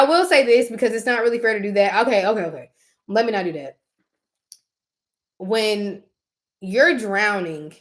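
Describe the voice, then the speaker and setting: A young woman, chatting casually and expressively to her viewers. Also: medium pitch. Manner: chatty, expressive, Southern US slang. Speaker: vlogger. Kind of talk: casual chat to camera.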